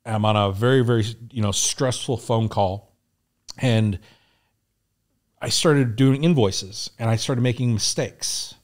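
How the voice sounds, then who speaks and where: A middle-aged man, a podcast guest, candidly telling a story with frank, profane, animated retelling. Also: medium pitch, unhurried. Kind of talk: casual storytelling.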